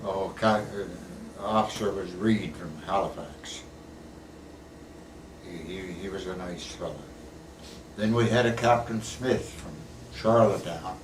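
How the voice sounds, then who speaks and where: An older male veteran speaks slowly in a low voice, telling folksy stories in a casual interview about his war days. He's plain-spoken and tends to finish sentences with "eh." The mic is far off in an echoey room, with faint hiss underneath.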